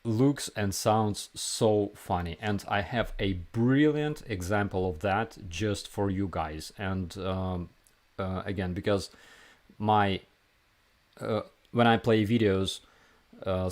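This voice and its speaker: A man's voice: on the low side, slow. A young man giving casual video commentary, hesitant and full of fillers, with a mocking edge. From Ukraine. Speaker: video blogger.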